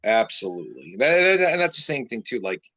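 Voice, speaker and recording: A man's voice: mid-range voice, wildly swooping pitch, fairly quick, pushed and bright, no echo. A man from Western New York hosting a casual talk show, giving opinions with lots of "you know". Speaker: host. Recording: slightly dull, dry lo-fi recording.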